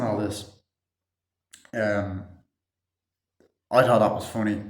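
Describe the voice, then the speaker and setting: A man's voice: medium pitch, steady tone, measured pace, pauses often. A man giving a casual, rambling movie review full of fillers and swearing. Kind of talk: casual spoken film review. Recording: echoey room.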